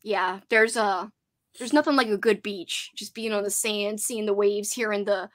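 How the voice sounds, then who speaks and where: A woman's voice: medium pitch, steady tone, moderate pace. A young woman hosting a casual live-stream book club chat, chatty and giggly as she reads out viewer comments. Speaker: host of a horror book channel.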